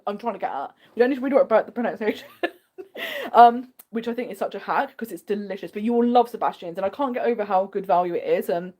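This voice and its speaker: Bubbly English woman, lively voice. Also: fairly high pitch. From England. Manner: bubbly and chatty, answers viewer comments with frequent laughs. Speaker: host. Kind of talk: casual livestream chat.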